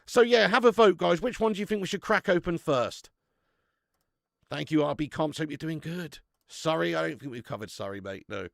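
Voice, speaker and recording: A man's voice: on the high side, expressive, moderate pace, gravelly, a bit bright, no room sound. A man, hosting a casual live stream and bantering with viewers in a chatty, matey way, laughing often.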